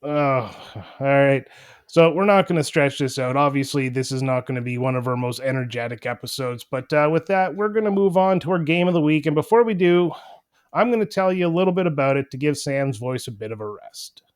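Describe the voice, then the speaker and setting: A man's voice: mid-range voice, brisk, clear, resonant tone. A man co-hosting a retro gaming podcast, chatting casually and joking with his co-host. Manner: relaxed, jokey, reads game summary from notes.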